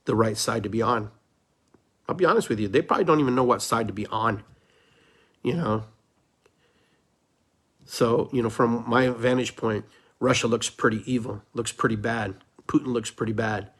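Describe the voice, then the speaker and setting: Husky man in a fervent podcast rant. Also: medium pitch. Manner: fervent, preachy, repeats phrases for emphasis. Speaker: podcast host. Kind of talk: impassioned solo podcast monologue.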